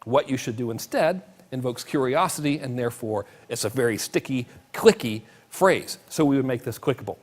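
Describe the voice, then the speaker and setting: A man's voice: mid-range voice, normal speed, few pauses. A middle-aged man teaching a marketing course in a casual, joking way, with plenty of emphasis. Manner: joking, lively, talks with emphasis.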